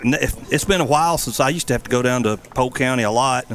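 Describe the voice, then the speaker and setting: A man's voice: mid-range voice, brisk. A man with a Southern accent hosting a radio sports talk show, folksy and laughing. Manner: folksy, laughing, warm sign-offs.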